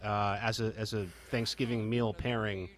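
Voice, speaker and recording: A man's voice: fairly low pitch, level tone, normal speed. Wry man chatting on a podcast. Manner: wry, questioning, hesitant with fillers. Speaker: podcast co-host. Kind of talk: casual chat.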